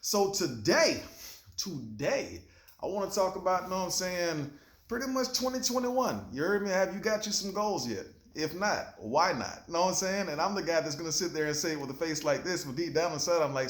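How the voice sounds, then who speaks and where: A man's voice: a little high, lively intonation, normal speed, roomy sound. A man hosting his own show, giving a laid-back, slangy motivational talk straight to the camera and swearing freely. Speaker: show host.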